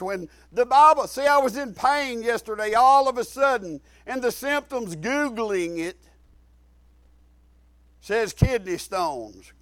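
Man preaching, real high voice, smooth and dry, folksy, repeats himself, shouts bits. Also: dry recording. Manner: folksy, repetitive, with sudden shouted emphasis. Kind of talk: sermon.

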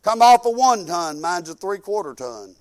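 Man, older, preacher, folksy, animated anecdotes, high voice, crisp. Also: normal speed. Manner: folksy, animated storytelling with acted-out quotes. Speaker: pastor. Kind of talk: storytelling sermon.

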